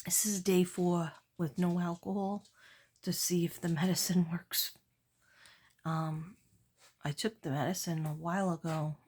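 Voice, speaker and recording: Slow, low-voiced woman chatting at night. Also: fairly even intonation, darkish tone, husky. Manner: slow, meandering, many pauses and fillers. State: tired. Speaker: artist showing her work. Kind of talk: casual late-night vlog chat.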